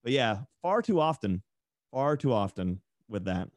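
A man's voice: medium pitch, sing-song, unhurried, no echo, clean studio sound. A young man from East Tennessee with a mild Southern accent, a podcast guest telling stories in a chatty, sarcastic way. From East Tennessee, USA. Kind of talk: casual podcast chat.

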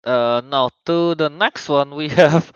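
A man's voice: a little high, slow, smooth, no echo. A young man co-hosting a podcast, hesitant and laughing often as he chats. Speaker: podcast co-host. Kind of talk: casual chat. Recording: dry, slightly muffled mic.

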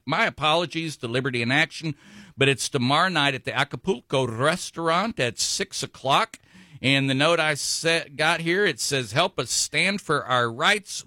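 A man hosting a talk radio show, his voice bright and pushing forward. He rambles through announcements with plenty of ums and restarts. The studio sound is close and dry. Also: on the high side, dry recording. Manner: rambling, full of fillers and self-corrections. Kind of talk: local talk radio monologue.

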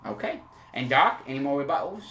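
A man hosting an improvised comedy podcast, rambling and halting with many fillers before turning suddenly emphatic. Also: fairly high pitch, animated, roomy sound, background noise. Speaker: podcast host.

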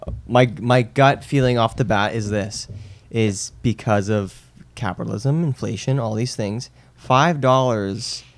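A man's voice: medium pitch, a little slow. A man in a casual podcast chat, thoughtful and laughing easily.

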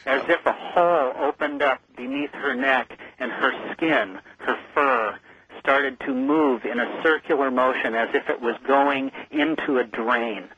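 A man's voice: medium pitch, a little slow, bright, forceful tone, slight background noise. Earnest man on a muffled phone line. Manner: earnest, vivid storytelling. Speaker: guest. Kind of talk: phone-in radio interview. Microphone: telephone.

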